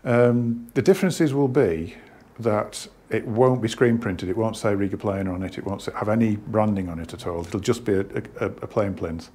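A man's voice: on the low side, moderate pace, mellow, husky. A man who runs a hi-fi shop, talking casually to camera about turntables, rambling and restarting often, out of breath. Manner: rambling, hesitant, many restarts. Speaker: hi-fi shop owner. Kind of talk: casual product talk to camera.

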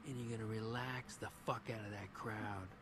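A man's voice: lowish voice, fairly even intonation, moderate pace, natural voice. An actor playing a crude, menacing male talent manager who swears and threatens in harsh whispers, over a noisy cartoon soundtrack.

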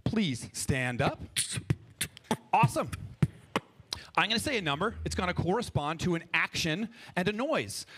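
A man leading a live audience through an improv warm-up on a festival stage, playful and energetic, coaching them through each step. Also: high voice. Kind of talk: stage workshop talk with freestyle rap.

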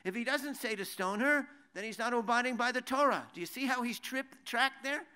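A man's voice: very high-pitched, fairly quick, pushed and bright, smooth. A man teaching a sermon, conversational, with many rhetorical questions and restarts, reading verses in Hebrew and translating them. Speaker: Bible teacher.

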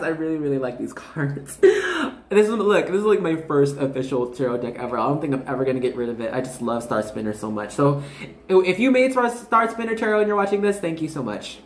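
A woman in her twenties gives her viewers a casual tarot reading, rambling, bubbly and full of fillers, often interrupting herself with asides. Her voice is deep, the sound is roomy, and there's a little hiss or hum.

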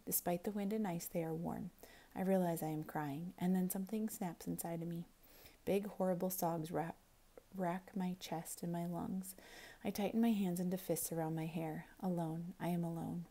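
A woman teacher reading a novel aloud, expressive, quiet and intense. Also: fairly low pitch, moderate pace.

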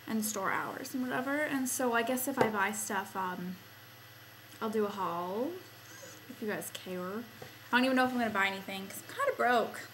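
A woman's voice: mid-range voice, a bit bright, slight background noise, poor audio. A young woman from Canada chatting casually to her camera at home, rambling with lots of fillers like "um" and "like". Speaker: vlogger. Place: home, indoors, by a Christmas tree.

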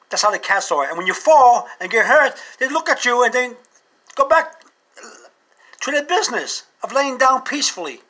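A man vlogging a comic monologue to camera, animated and full of rhetorical questions. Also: very high voice, normal speed.

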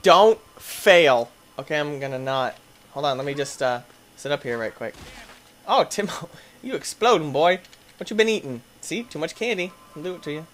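A man's voice: on the high side, normal speed. A man giving playful let's play commentary, yelping, laughing and chatting with the characters on screen. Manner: excitable, yelps and laughs, talks to game characters. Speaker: gaming YouTuber.

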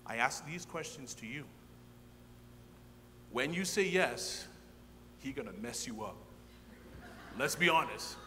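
A man, a minister, telling his personal testimony to a gathering, acting out the dialogue with lively energy. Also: mid-range voice, slow, long pauses. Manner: animated storyteller who acts out dialogue. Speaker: ordained minister sharing testimony. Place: large hall at a church gathering. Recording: long hall reverb with faint hum.

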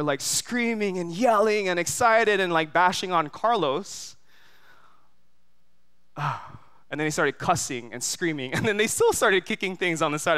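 A man from Hawaii preaching in an animated storytelling way, with a bright, forceful and smooth voice pitched a little high. He keeps turning to the congregation with quick asides. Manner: animated storyteller, many fillers, asks the crowd "right?". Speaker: pastor. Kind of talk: sermon with storytelling. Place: church service.

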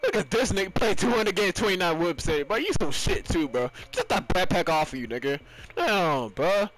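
A man's voice: animated, brisk. Young man ranting over gameplay. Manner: ranting, profane, often yelling in frustration; swings between loud outbursts and low muttering. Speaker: gamer. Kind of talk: raging gameplay commentary.

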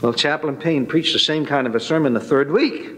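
A man's voice: on the high side, fairly quick, fairly bright tone. A man giving a spoken personal testimony, telling it as a folksy, dramatic story. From Northern California. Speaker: testimony speaker. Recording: long hall reverb.

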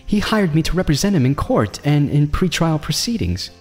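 A man puts on a crisp, businesslike young woman lawyer in a storybook reading, her voice lifted well above his own. She speaks formally and wastes no words, with a long reverb and soft music behind. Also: a little high, very animated, moderate pace, voice pushed up. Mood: brisk formal.

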